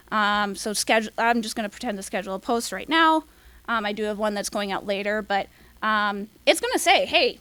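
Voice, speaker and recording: A young woman leads a casual workshop in a fairly high voice, rushing along with plenty of "um"s. Her voice sits close and dry, with no room sound around it. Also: a bit bright, smooth, no echo. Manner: quick, filler-heavy, apologizes for talking fast. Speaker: workshop presenter.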